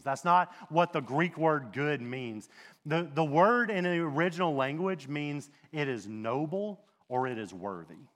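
Animated man preaching in a hall. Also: on the high side. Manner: conversational, animated, rhetorical questions and asides. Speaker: pastor. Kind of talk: sermon.

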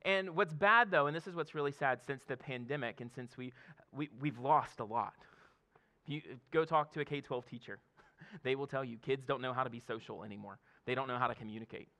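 A man's voice: mid-range voice, fairly quick, sharp tone. A man in his thirties, a pastor, giving a conversational sermon with laughs and frequent "okay?" check-ins to the congregation.

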